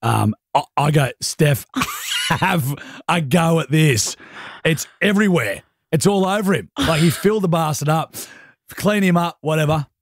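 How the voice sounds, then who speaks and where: A man's voice: a little high, animated, a little slow, dry recording, studio quality. A young Australian man co-hosting a radio show, telling a joking story in casual on-air chat. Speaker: radio co-host.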